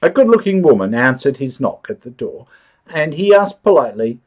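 A man reading a children's-style story aloud for English learners, expressive and clear. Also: mid-range voice, normal speed. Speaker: story narrator.

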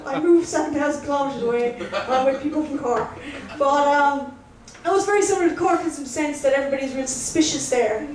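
A woman's voice: high voice, fairly quick, hardly any pauses, darkish tone. A young Irish woman doing a stand-up routine, chatty and self-mocking, talking straight to the crowd. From Ireland. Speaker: stand-up comedian. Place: comedy club stage. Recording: roomy live gig from a distance.

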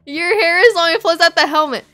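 A woman with a very high voice talks briskly while live-streaming a game. Giggly and animated, she laughs often and chats casually, reading out and answering her viewers' messages.

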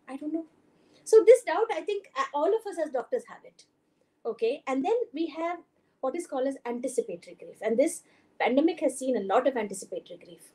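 A woman's voice: high-pitched, big pitch swings, a little fast, dark tone. A woman doctor from India with an Indian English accent, giving a conversational conference talk with many fillers and some Hindi phrases. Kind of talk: lecture presentation. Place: conference hall.

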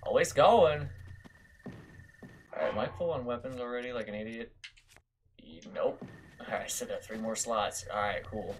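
A man's voice: fairly low pitch, steady tone, normal speed, a little hiss or hum. A young man giving casual, self-mocking gameplay commentary, swearing often. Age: young adult. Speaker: gaming video host.

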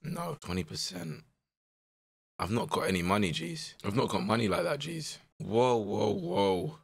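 A young man with a strained voice, giving animated, slangy commentary while playing a management game. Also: on the low side, a little slow, gravelly, husky. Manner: animated, exclaiming, slangy banter. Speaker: gaming content creator. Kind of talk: casual gameplay commentary.

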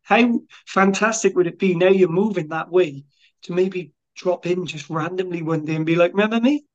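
High-voiced enthusiastic podcast host. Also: male voice, steady tone, moderate pace. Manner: enthusiastic, matey. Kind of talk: casual interview chat. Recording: dull lo-fi audio.

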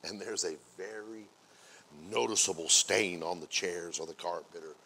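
Gravelly-voiced pastor preaching a lively sermon. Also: male voice, low voice. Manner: builds from quiet asides to loud, drawn-out exclamations; acts out everyday scenes with playful quoted voices.

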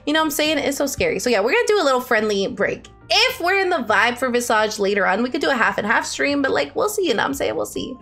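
A woman's voice: sits high, sing-song, fast talker, few pauses, fairly bright tone, faint music behind. A woman in her twenties, a streamer chatting casually with her live viewers, bubbly and laughing often.

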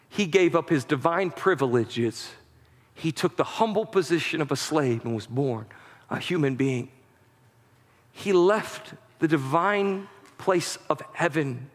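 A man preaching a sermon as pastor, with impassioned delivery that rises to shouting at its peaks. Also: fairly high pitch. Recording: long hall reverb.

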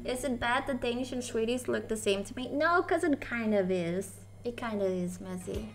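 High-pitched, excitable woman streamer. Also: moderate pace, few pauses, soft background music. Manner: excitable, giggly, yelps when startled. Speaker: game streamer. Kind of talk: live gameplay commentary, chatting with viewers.

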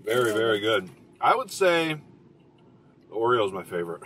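Upbeat dad vlogging from the car. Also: male voice, lowish voice, moderate pace. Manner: upbeat, lively, chatty. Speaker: vlog host and dad. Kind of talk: casual family vlog chat. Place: inside a car at drive-thrus. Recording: slightly distant camera mic, faint car noise.

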